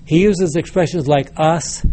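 A man's voice: fairly high pitch, unhurried, dark tone, slight background noise. A man teaching a Bible study class, reading scripture aloud and then explaining it with questions to the group. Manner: reads passages, then asks the group checking questions.

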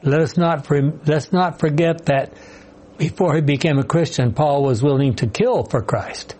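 A man's voice: fairly high pitch, moderate pace, mellow. A man leading a Bible study group, calling on readers and breaking in with his own comments. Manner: calls on readers, interjects with comments and corrections.

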